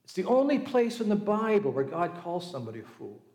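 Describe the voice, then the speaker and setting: A man's voice: sits high, sing-song, fairly quick, darkish tone, reverberant. A middle-aged male pastor preaching a sermon, telling the story conversationally and acting out the quoted voices. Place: church.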